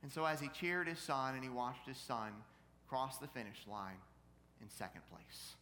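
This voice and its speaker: A man preaching a sermon, telling a story and building to loud, fervent peaks. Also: expressive, normal speed. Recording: reverberant church hall, faint rumble.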